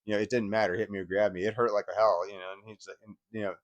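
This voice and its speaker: A man's voice: fairly low pitch, little pitch movement, very fast, dry recording, lo-fi sound. A man telling a painful personal story in a rambling, emotional way, swearing and using lots of fillers. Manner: rambling, emotional, profane retelling with many fillers. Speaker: channel host sharing personal history.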